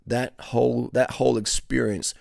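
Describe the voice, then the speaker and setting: A man in his forties with an Australian accent, telling a profane, animated story to camera in casual slang. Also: mid-range voice, normal speed, vocal fry, no room sound, studio quality. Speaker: cycling vlogger.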